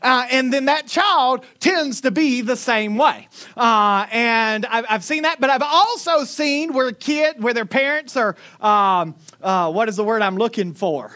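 A woman's voice: fairly high pitch, expressive, measured pace, fairly bright tone. A woman in her forties from Northwest Florida, preaching a sermon in her Northwest Florida accent with conversational, joking asides to the congregation. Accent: Northwest Florida Southern. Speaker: pastor.

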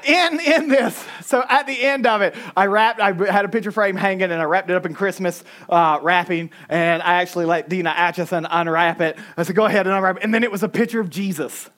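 High-voiced pastor preaching. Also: male voice, fairly quick, few pauses, fairly bright tone. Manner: emphatic repetition and joking asides. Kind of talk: sermon. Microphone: microphone.

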